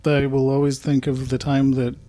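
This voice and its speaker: A man's voice: mid-range voice, monotone, dark tone. A man co-hosting a library podcast in casual chat, wry and teasing. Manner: wry, teasing, drawn-out asides.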